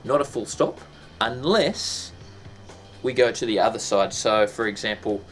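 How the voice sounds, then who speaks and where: A man's voice: on the low side, lively intonation, a little slow, faint music behind. A man teaching a casual lesson, chatty and full of ums and restarts, breaking into sound effects.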